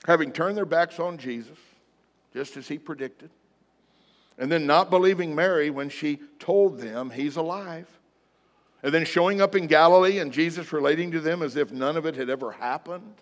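A man preaching a sermon to a congregation in a church hall, emphatic, swinging between loud declarations and soft asides. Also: fairly high pitch, normal speed. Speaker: pastor. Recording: long hall reverb, faint music behind.

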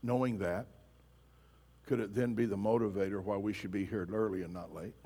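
A man with a fairly low, dark, husky voice preaches a sermon as pastor, speaking fairly quickly in a steady tone. He is emphatic, pressing his congregation with pointed questions. The church sanctuary gives the recording the long reverb of a large hall.

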